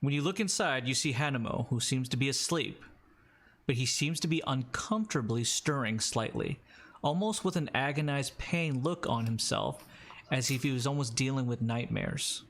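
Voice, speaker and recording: A man's voice: mid-range voice, animated, normal speed, fairly bright tone. A man narrating a tabletop role-playing game as game master, describing scenes with small hesitations.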